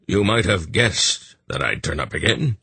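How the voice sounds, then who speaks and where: A man voicing a gruff, weary old sorcerer in an audiobook. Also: low-pitched, very animated, measured pace, bright, forceful tone, no echo, exaggerated voice. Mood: wry. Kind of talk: audiobook character voice.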